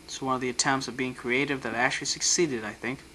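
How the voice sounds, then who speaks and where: A man's voice: mid-range voice, steady tone, fast, bright, forceful tone, a little hiss or hum, rough recording. A man narrating his family vacation photos, with dry, joking asides. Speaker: home video narrator.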